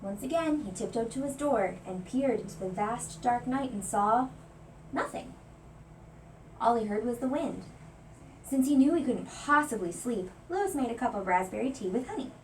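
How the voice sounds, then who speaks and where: Young female teacher, storybook read-aloud, high and lively, expressive, distant mic. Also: moderate pace, slight background noise. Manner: expressive, dramatic storyteller, hushed at suspense. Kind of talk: reading a children's picture book aloud.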